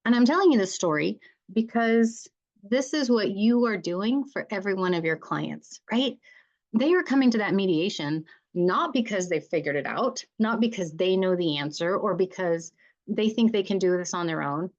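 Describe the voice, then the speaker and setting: A woman's voice: mid-range voice, lively intonation, moderate pace, lo-fi sound. A woman mediator giving an earnest, encouraging conference talk to fellow mediators, often checking in with "right?".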